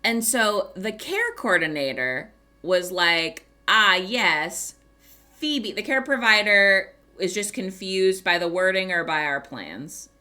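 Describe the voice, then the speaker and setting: A woman streamer telling a story in casual chat, animated, swearing and laughing often. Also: medium pitch, unhurried, few pauses.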